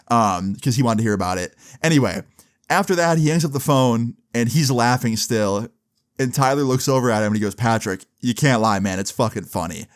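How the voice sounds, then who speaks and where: A young man telling a story on his vlog, loose and slangy, often laughing. He swears freely and speaks in a medium pitch. It is casual chatter straight to his viewers. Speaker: vlogger.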